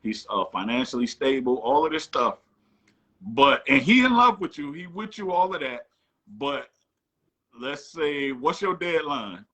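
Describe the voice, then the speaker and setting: A man's voice: fairly high pitch, sing-song, a little slow, a bit bright. A man hosting a casual online call-in chat. He talks in a loose, playful, teasing way. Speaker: host.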